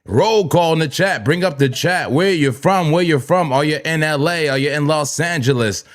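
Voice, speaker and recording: A man from New Jersey with a Jersey accent, hosting a live trading stream, hyped and repetitive, giving shout-outs and laughing often. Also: a little high, moderate pace. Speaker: crypto trading livestream host. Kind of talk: live-stream chat and market talk.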